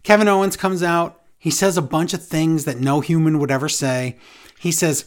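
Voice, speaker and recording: A man's voice: fairly high pitch, steady tone, normal speed. A man co-hosting a podcast, recapping a show in casual chat, with sarcastic, exasperated asides. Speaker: podcast co-host.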